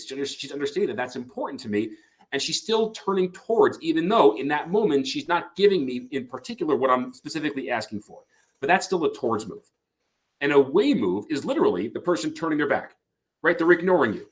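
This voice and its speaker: A man, a couples therapist, giving an explanatory lecture and acting out short example dialogues. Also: medium pitch. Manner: animated, acts out example dialogue.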